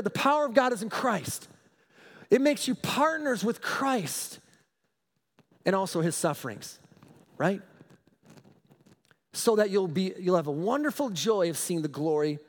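Male pastor, high voice, animated sermon, long hall reverb. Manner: emphatic, animated, repeats for stress.

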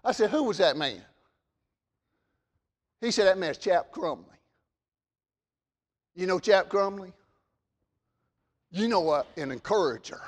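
A man preaching a sermon, stammering on repeated words and swinging between loud emphasis and quiet asides. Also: sits high, animated, slow, pauses often, in a large hall.

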